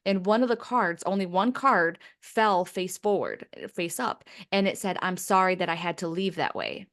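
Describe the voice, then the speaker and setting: A woman from Michigan, a psychic medium mentor, telling stories in an animated, laughing way in a casual podcast conversation. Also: lowish voice, moderate pace. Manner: animated storytelling with frequent laughs.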